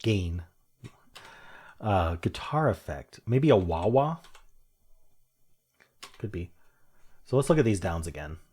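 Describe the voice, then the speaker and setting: A young streamer muses aloud over word puzzles, chuckling at his own jokes, in a low, darkish, breathy voice. He has a sing-song lilt, takes things slowly, and pauses often.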